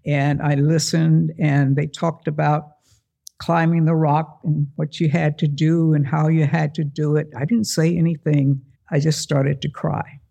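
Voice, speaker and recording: A man telling a first-person story to a live audience, animated, acting out the voices of the people in it. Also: fairly high pitch, a little slow, gravelly, highs cut off. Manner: animated, acts out quoted voices.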